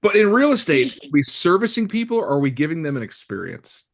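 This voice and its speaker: A man giving a live real estate training talk to a room, lively and blunt, acting out little dialogues with jokes. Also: a little high, quick pace, creaky.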